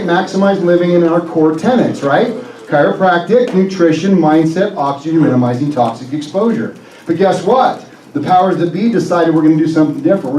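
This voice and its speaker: Chiropractor pumping up a live crowd; fairly high voice, echoey room, mic at a distance. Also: male voice, slight background noise. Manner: energetic, joking, rallying the audience with questions. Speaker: chiropractor giving a seminar. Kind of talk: motivational health seminar talk.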